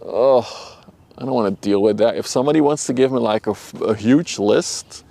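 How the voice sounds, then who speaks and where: A man's voice: medium pitch, normal speed, creaky. A young man with a Dutch accent hosting a casual livestream outdoors by a river, chatting loosely with viewers and keeping his voice down at times. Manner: relaxed, chatty, laughs often, talks to chat by name; speaks softly at times to avoid disturbing people nearby. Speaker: livestream host. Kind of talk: casual live-stream chat.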